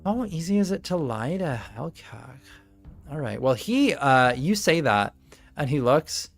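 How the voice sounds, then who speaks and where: A young man hosts a tabletop game stream, talking in a bouncy put-on valley girl voice that swoops high and low. He jokes, swears and laughs a lot, with faint music playing behind him. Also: sing-song, unhurried.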